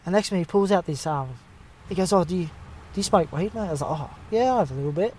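A young man from Western Australia tells a rambling story in casual conversation, talking very fast in a slightly high, warm voice full of slang, "mate" and lots of fillers. It sounds like it's happening in a car, with a little hiss or hum in the recording.

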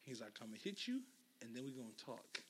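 A young man telling a long story in chat, animated and laughing often as he acts out what people said. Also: medium pitch, fast, breathy edge.

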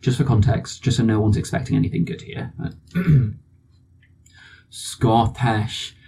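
A man's voice: on the low side, little pitch movement, fast talker, creaky, mellow, slight background noise. Playful man hosting a chat. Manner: playful, self-deprecating. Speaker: podcast host. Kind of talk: casual chat.

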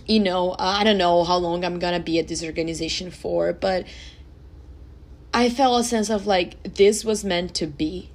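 A woman's voice: lowish voice, steady tone, moderate pace. A woman, hosting a personal podcast and speaking earnestly and emotionally to her listeners. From Brazil. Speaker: podcast host.

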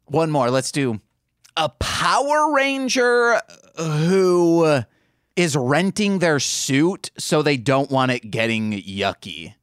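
A man co-hosting a podcast, playful and quick with jokes in casual chat over an internet call. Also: on the high side, animated, a bit bright, clean tone, dry recording. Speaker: podcast co-host. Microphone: remote call over internet. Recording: dry remote call audio.

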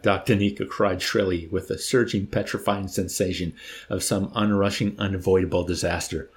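Gravelly man reading a novel aloud. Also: low-pitched, moderate pace. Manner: expressive, stops to comment. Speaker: reader.

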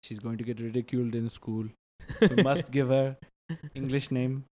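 A man's voice: mid-range voice, steady tone, normal speed, darkish tone, close to an everyday voice. A man voicing a fretful immigrant parent who speaks in a stiff, careful way. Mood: worried.

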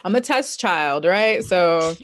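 A woman guest in a casual podcast chat, telling stories in a relaxed, animated way and laughing often. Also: on the low side, takes it slowly.

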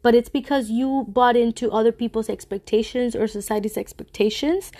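A woman's voice: fairly high pitch, steady tone, fairly quick, few pauses, warm tone. A woman from the US hosting a casual solo talk, earnest and reassuring, with a stuffy, congested voice. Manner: reassuring, earnest, speaks to listeners directly. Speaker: podcast host.

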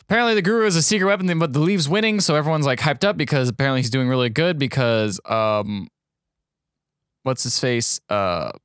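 Fast-talking sweary male podcast host. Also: mid-range voice, fairly bright tone, smooth, no echo, studio quality. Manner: blunt, sweary, dismissive recapping. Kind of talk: casual chat.

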